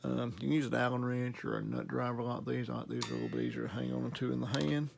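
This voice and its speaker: A man's voice: medium pitch, sing-song, quick pace, creaky, noisy background. A man with a Southern US accent, host of a guitar repair channel, explaining a guitar setup in a casual, easygoing, folksy way. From Southern United States. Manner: easygoing, folksy and self-deprecating. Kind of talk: casual instructional demo.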